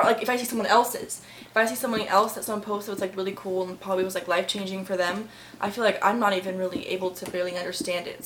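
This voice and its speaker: A young woman speaking thoughtfully but hesitantly in a casual group discussion. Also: medium pitch. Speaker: discussion participant. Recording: echoey room with noise.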